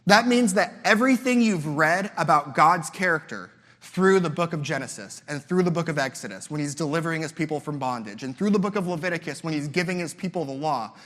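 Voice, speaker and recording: A man's voice: fairly high pitch, expressive, brisk, few pauses, a bit bright, big-room sound. A young man preaching a sermon as a guest speaker, talking in a loose, conversational way, often mimicking other people's voices and repeating words as he goes.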